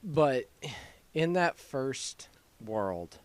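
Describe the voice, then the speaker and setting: Young male co-host, excitable, gushes and acts out reactions, mid pitch. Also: drawn-out words, no echo. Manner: excitable, gushing, acts out his own reactions. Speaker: podcast co-host. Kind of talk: casual gaming chat.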